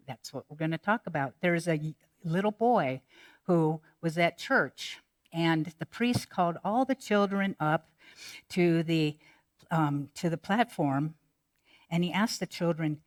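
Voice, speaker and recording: A woman pastor giving a sermon, measured and reflective, turning playful when she tells jokes. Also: deep voice.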